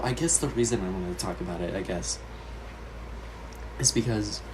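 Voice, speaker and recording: A man co-hosting a loose, casual podcast, his voice sitting fairly low but swinging widely as he rambles. He giggles and swears as he goes. Clear background noise hisses under the recording. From United States. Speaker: podcast co-host. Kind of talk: casual chat.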